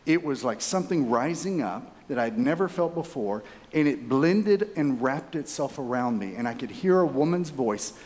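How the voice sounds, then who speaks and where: A man, giving a conference keynote as a lively storyteller who speaks straight to his audience. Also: mid-range voice, moderate pace, hardly any pauses. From Texas. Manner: animated, chatty, addresses audience directly. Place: conference hall. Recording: reverberant conference hall.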